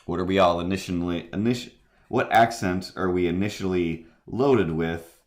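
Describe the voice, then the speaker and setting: A man's voice: sits low, moderate pace. A man chatting casually while drawing on a live stream, rambling and self-deprecating. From near Cape Breton, Canada.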